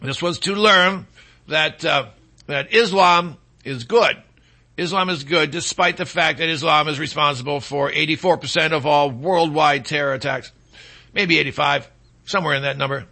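Sarcastic high gravelly male talk host. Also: pushed and bright. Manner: sarcastic, rambling, mocking asides. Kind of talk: opinionated talk monologue.

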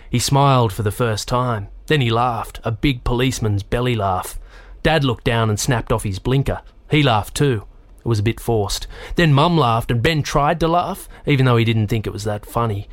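Male audiobook narrator, mid pitch, steady storytelling read, dry studio sound. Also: normal speed, no room sound. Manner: steady storytelling, lifts pitch for voiced characters.

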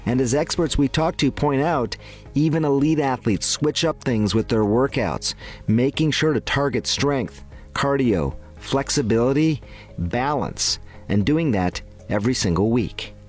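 A man reads a scripted health explainer in a calm, measured, informative tone. A faint music bed runs softly under his voice. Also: medium pitch. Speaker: health segment presenter.

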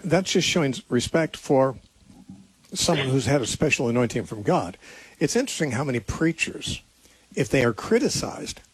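Husky-voiced man hosting a call-in show. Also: medium pitch, a little mellow, no echo. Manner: earnest, thinking aloud with frequent restarts. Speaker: radio call-in host answering Bible questions. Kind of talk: unscripted call-in radio teaching.

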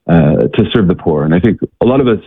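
A man telling earnest stories as an interview guest, halting with many restarts and fillers, over a phone-like line. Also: sits low, lively intonation, slightly rough, dry recording. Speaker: guest, missionary organization worker. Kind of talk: interview storytelling. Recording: tinny phone-like line, dry.

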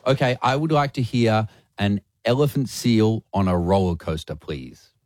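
A man's voice: lowish voice, normal speed, darkish tone, no room sound, clean studio sound. A man hosting a playful radio chat show, laughing often and teasing his co-hosts. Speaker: radio host. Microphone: studio microphone.

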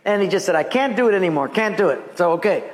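A man preaching as a pastor, telling animated personal stories and acting out the voices of the people in them, laughing often. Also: high-pitched, fast talker. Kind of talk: sermon with storytelling.

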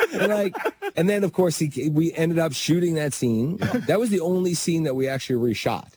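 A man, a guest actor, telling casual anecdotes in an animated way and laughing through them. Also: a little high, normal speed, slight background noise.

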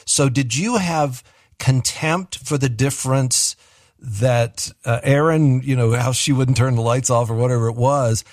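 A man hosting an interview, asking a guest a question with reflective pauses. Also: medium pitch, dry recording, clean studio sound. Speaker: host.

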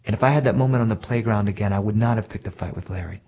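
A male storyteller telling a story from his own childhood in a plain, reflective way with gentle self-mockery. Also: lowish voice, very fast, slightly rough. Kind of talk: told personal story. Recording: dull lo-fi recording.

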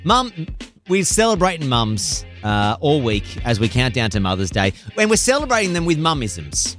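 A man's voice: mid-range voice, huge pitch swings, normal speed, fairly bright tone, soft background music. A man hosting a radio show, bantering playfully and sometimes singing his lines into a studio microphone. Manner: jokey, playful, hums and sings lines. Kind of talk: lively breakfast-radio banter.

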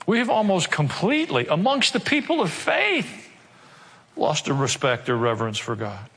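A pastor's voice rings through a church sanctuary, its long reverb trailing every phrase. A man with a fairly high voice preaches earnestly, putting rhetorical questions to the congregation and slowing down when a point matters. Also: huge pitch swings, gravelly, a bit bright, breathy edge. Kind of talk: sermon.

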